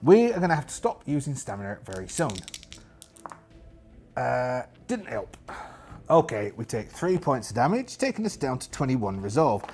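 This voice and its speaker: A man's voice: mid-range voice, very animated, normal speed, darkish tone, slight background noise. A man narrating a solo tabletop game in character, chatty and jokey, talking to himself as he rolls dice. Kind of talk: in-character actual-play narration.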